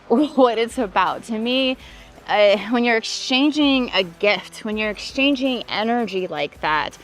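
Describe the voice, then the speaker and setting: A fairly high-voiced woman talks straight to her viewers in a personal vlog. She acts out quoted back-and-forth with lively emphasis and stacks up points in emphatic lists. Faint music plays underneath. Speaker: relationship coach. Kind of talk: personal vlog storytelling with advice.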